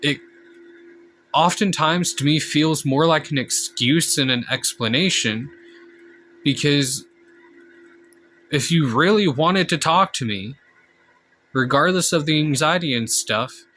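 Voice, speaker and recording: Blunt, bright-voiced male vlogger. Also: fairly high pitch, slight background noise. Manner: blunt, frank, heavy swearing. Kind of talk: candid casual monologue.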